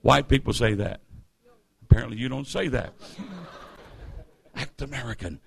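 A man's voice: medium pitch, moderate pace, gravelly, long pauses, husky. A man preaching and retelling a story playfully, calling on the congregation to repeat after him. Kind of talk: sermon storytelling.

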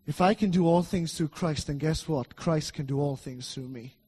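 A middle-aged man preaching a sermon in a church, emphatic and repetitive, swinging between loud declarations and soft asides. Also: on the high side, moderate pace, slightly rough.

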